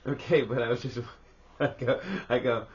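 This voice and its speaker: A man co-hosting a casual podcast, teasing his co-host in an animated way. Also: mid-range voice, normal speed, a little hiss or hum. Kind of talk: casual chat. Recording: dull lo-fi podcast audio.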